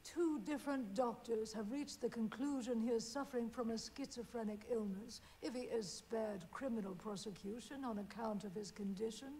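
An actress playing a stern female prime minister who speaks in a brisk, clipped, matter-of-fact way in a television drama. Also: on the high side, mellow, slight background noise, lightly acted. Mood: firm.

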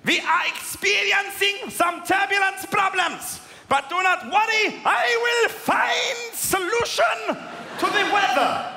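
A man's voice: slow, vocal fry, exaggerated voice. A man playing an overconfident airline pilot making formal announcements. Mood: proud. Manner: booming, stiffly formal announcements. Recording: echoey hall, loud crowd noise.

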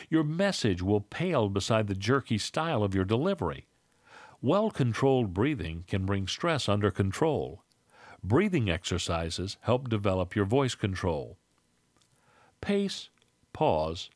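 A man reading a scripted lesson on public speaking in a measured, instructive way. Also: on the low side, no echo, studio quality.

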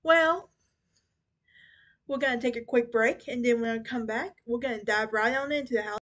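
High-voiced young woman podcast host. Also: normal speed, a bit bright. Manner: chatty, stumbles and restarts over names. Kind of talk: casual true crime podcast narration.

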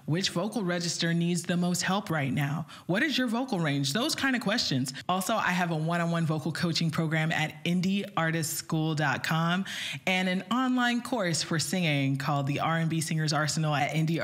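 A woman vocal coach with a slightly low speaking voice gives an upbeat online singing lesson. She talks straight to her viewers and breaks into short sung vowel demos.

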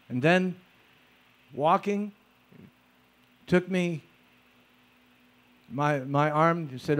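A man telling personal stories in a lecture, conversational and animated, acting out footsteps with vocal sounds. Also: fairly high pitch, takes it slowly, pauses often. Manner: conversational, with fillers and repeated starts. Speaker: speaker recounting personal stories. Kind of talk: storytelling lecture.

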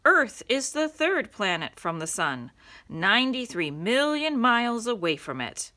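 A polite, earnest young schoolboy from a children's storybook, read by a woman, explaining things carefully and step by step. His voice is bright and lively, and he takes his time. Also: fairly high pitch, unhurried, exaggerated voice.

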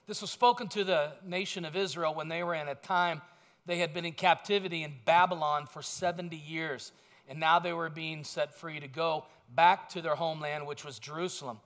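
A man's voice: high-pitched, steady tone, normal speed, a bit bright. A man pastor giving a sermon in a conversational storytelling way, with self-deprecating asides.

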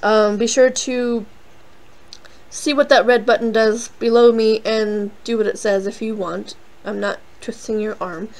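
A woman's voice: on the high side, fairly even intonation, unhurried, poor audio. A young woman hosting a casual game playthrough, rambling and self-deprecating with lots of fillers. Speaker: let's play host.

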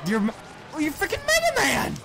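A woman giving casual, excitable commentary while playing a video game with a friend, shouting at the screen. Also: sits high, a little fast, over loud music. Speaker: let's play co-host.

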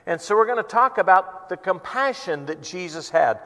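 A man's voice: high-pitched, expressive, moderate pace, bright, forceful tone. A male pastor preaching at a church worship service in an earnest, conversational storytelling manner. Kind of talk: sermon. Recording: long reverb in a church hall.

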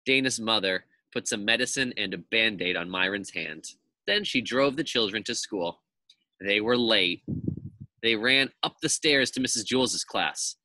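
A man, a teacher, reading a children's chapter book aloud to his class in a lively, expressive storytelling manner. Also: on the low side, a little slow, dry recording.

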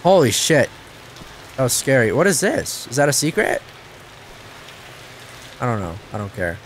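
A man giving casual let's-play commentary, excitable, talking to himself and swearing, with sudden yelps of surprise. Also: mid-range voice, normal speed, slight background noise. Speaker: gameplay commentator.

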